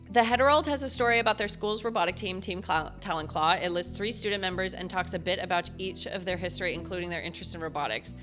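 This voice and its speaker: A woman streaming a game, reading the game's text aloud in casual chat, excitable and swearing freely as she talks to her viewers. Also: mid-range voice, a little fast, soft background music. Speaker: gaming streamer.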